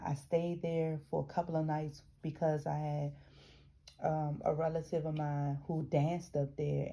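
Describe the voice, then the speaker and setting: A woman from the American South, her voice low-pitched, gravelly and dark, reads a memoir aloud. She restarts and corrects herself often and breaks off into chatty asides.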